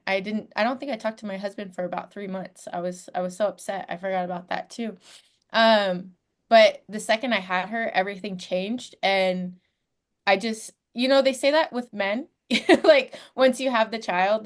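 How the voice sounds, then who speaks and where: A woman, a podcast guest in her twenties, telling her life story in a candid, heartfelt way with frequent fillers. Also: medium pitch. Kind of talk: personal storytelling.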